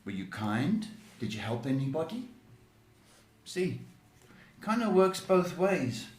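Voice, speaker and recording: This psychic host's voice is a little high and sing-song, and he takes his time. Slight background noise and an echoey room surround him as he answers viewers' live-stream questions in a chatty, reassuring way, often using "okay" and "folks."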